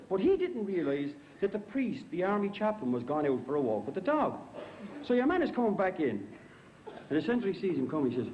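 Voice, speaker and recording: Guy telling jokes, high bouncy voice, all over the place, dull old tv tape. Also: a little fast, slight background noise. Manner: animated, doing voices for each character. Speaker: comedian. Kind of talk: stand-up joke telling. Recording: dull lo-fi 1980s TV recording.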